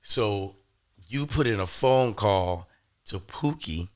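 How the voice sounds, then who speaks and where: A young adult man hosting a podcast, telling a lively story and acting out both sides of phone calls. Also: fairly low pitch, takes it slowly. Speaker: podcast host. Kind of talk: animated storytelling.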